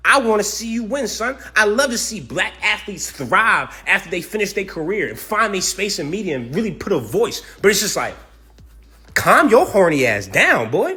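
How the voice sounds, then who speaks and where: A man with a high, lively voice runs his podcast like a roast. His commentary is brash, profane and mocking, and his pitch swings widely as he builds each point. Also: moderate pace. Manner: self-styled hater roasting the subject. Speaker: podcast host.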